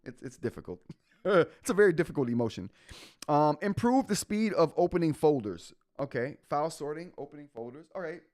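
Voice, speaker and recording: A man's voice: fairly high pitch, animated, fairly quick, a little mellow, dry recording, studio quality. A man hosting a live tech show in a casual way, reading update notes aloud and reacting to the chat.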